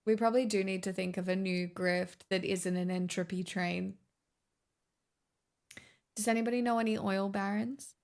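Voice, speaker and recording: A woman's voice: mid-range voice, steady tone, moderate pace, vocal fry, long pauses, darkish tone. A woman chatting casually, making sarcastic jokes. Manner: sarcastic, joking. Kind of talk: casual chat.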